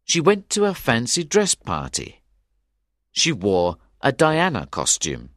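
A man narrating a simplified story in a measured, expressive way. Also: medium pitch, no echo, clean studio sound.

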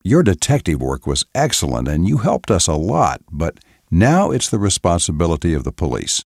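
Audiobook cop: low, commanding sergeant, lively delivery, a male narrator voicing him. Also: normal speed, dry recording, clean studio sound, heavily acted. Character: authoritative middle-aged male police sergeant. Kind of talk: audiobook character voice.

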